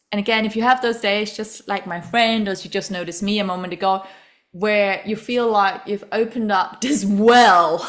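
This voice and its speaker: A woman hosting a podcast, chatting casually and emphatically, laughing often and speaking directly to listeners. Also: mid-range voice. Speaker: podcast host. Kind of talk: casual conversational podcast chat.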